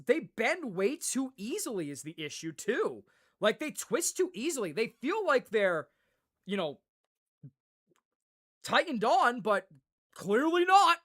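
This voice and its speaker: A young livestreamer chats loosely and casually with his live audience. As he gets animated, his pitch jumps all over the place, and he rambles on while laughing and swearing freely.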